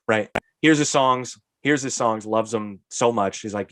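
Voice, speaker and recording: A man co-hosting a podcast in casual chat, ranting about a movie with exasperated, animated asides. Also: fairly low pitch, moderate pace, dry recording. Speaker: podcast co-host.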